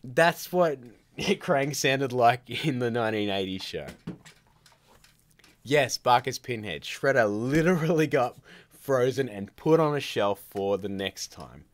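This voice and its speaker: A man's voice: mid-range voice, animated, measured pace. A man hosting a live stream from home, chatting casually and rambling through his opinions, often stopping and restarting his sentences. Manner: rambling, opinionated, self-interrupting. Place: at home by a computer, child nearby.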